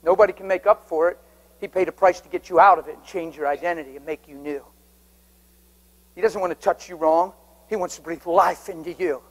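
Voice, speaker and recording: A middle-aged man preaching a sermon to a congregation, swinging from hushed whispers to loud, urgent emphasis. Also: high voice, brisk, rough recording. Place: church sanctuary before a congregation.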